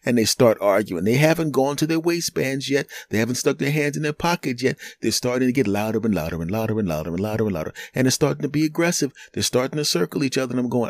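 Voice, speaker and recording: A middle-aged man, a podcast host and comedian, telling a story in an animated, chatty way with chuckling asides. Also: medium pitch, fast talker, few pauses, dry recording. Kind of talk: storytelling monologue.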